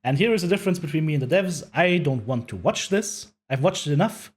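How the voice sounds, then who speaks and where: A man's voice: on the high side, lively intonation, fast talker, breathy edge. A man hosting a casual commentary over a video, chatty and prone to repeating himself. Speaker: host reacting to a video.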